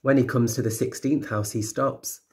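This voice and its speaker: A man's voice: medium pitch, steady tone, normal speed, a little mellow. Man reading a picture book aloud. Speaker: teacher.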